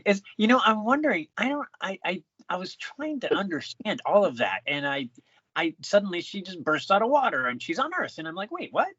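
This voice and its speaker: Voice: medium pitch, sing-song, fairly quick, bright, forceful tone, breathy edge, no room sound, highs cut off. A podcast co-host chatting casually about a film, hesitant and exasperated, often restarting sentences. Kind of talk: casual movie review chat.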